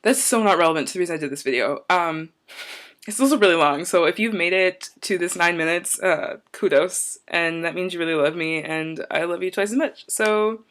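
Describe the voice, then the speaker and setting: A woman's voice: on the low side, a little fast, a bit bright. A young woman talking casually to camera in a vlog, rambling and going off on tangents in an upbeat, chatty way. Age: young adult. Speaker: vlogger.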